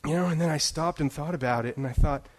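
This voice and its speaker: A male pastor preaching in a relaxed, conversational style with a slightly higher-than-average voice. He peppers his talk with "you know" and laughs at himself, then slows into emphatic, lifted phrases for his main points. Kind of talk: sermon.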